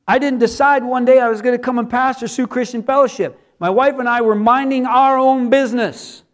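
High-voiced man preaching earnestly. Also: steady tone, fairly quick. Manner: earnest, repeats words for emphasis. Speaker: pastor. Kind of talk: sermon.

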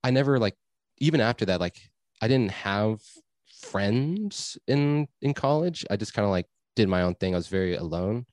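A man's voice: fairly low pitch, lively intonation, moderate pace, a little mellow, no echo. A young man telling a rambling story in a casual chat, laid-back, swearing and full of fillers. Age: young adult.

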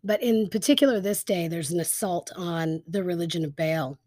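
A woman's voice: lowish voice, moderate pace, no echo, clean studio sound. Woman retelling a Bible story casually. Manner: lively storytelling with fillers like "um" and "like". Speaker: Bible teacher.

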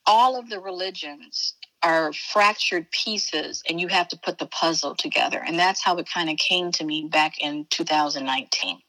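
A woman from Chicago, a spiritual teacher, chats casually as an interview guest, calling the listener baby and honey in an emphatic, folksy way. Her low voice moves at normal speed with few pauses, bright and forceful. The recording quality is low.

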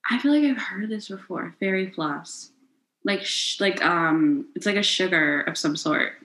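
American woman guessing slang words, jokey and quick, lowish voice, echoey room. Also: fairly bright tone. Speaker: guesser in a word game. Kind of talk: casual chat.

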